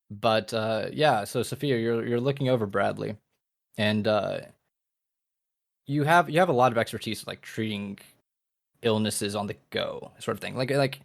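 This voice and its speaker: A man's voice: lowish voice, vocal fry. A man acting as game master, narrating a tabletop game in a rambling way with many fillers.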